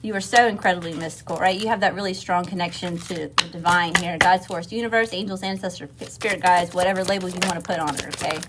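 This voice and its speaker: A woman's voice: fairly low pitch, fairly even intonation, fast talker, few pauses, heavy background noise. A woman from Mississippi with a Southern accent, giving a casual livestream tarot reading, swearing freely and calling her viewers y'all. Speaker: tarot reader.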